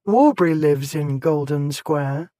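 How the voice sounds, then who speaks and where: A man's voice: fairly high pitch, a little slow, mellow, no room sound, clean studio sound, close to an everyday voice. A man voicing a curious, headstrong young lady who speaks eagerly and with determination.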